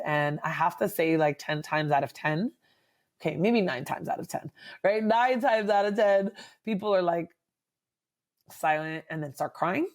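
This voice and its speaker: A woman psychologist speaking as a guest in a conversational interview, animated and full of fillers and tag questions. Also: fairly low pitch, measured pace.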